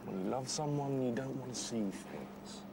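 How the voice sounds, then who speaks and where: Placating British husband. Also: male voice, medium pitch, animated, moderate pace, creaky, noisy background. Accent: British English. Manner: soothing and placating. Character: awkward husband trying to calm his wife. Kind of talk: British TV drama acting.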